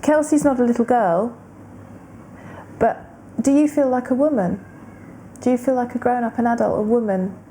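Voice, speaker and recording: A middle-aged woman psychologist asking gentle, probing questions in a therapy consultation. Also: a little high, moderate pace, slight background noise. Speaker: clinical psychologist.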